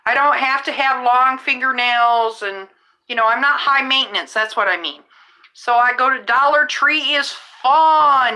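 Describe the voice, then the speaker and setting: A woman's voice: high-pitched, steady tone, unhurried, pushed and bright, rough recording. A middle-aged woman, a rideshare driver, hosting a podcast in a casual, rambling way, often restarting her sentences. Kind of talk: casual chat.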